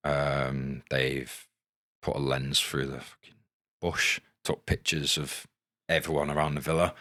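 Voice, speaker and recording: Podcast guest: man, 30s, extremely low voice, dry close mic, frank casual storyteller who swears. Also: little pitch movement, unhurried, a bit bright, no room sound. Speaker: podcast guest, former footballer. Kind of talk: candid storytelling.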